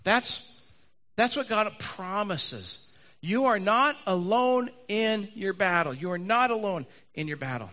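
High-pitched, bright-voiced male preacher. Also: measured pace. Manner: animated preaching, acts out Bible characters, repeats lines for emphasis. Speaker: pastor. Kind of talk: sermon. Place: church hall with live audience and online stream.

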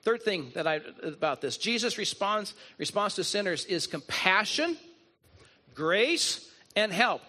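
Very animated yet a little slow, this man's high voice comes across bright and forceful. As a pastor giving a sermon, he tells stories with earnest feeling and leans on repetition.

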